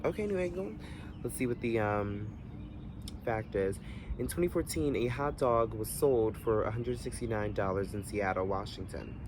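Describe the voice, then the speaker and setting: A young man in a casual storytime vlog, animated and slangy, swearing freely and jumping into high exclamations. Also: moderate pace, noisy background. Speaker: vlogger.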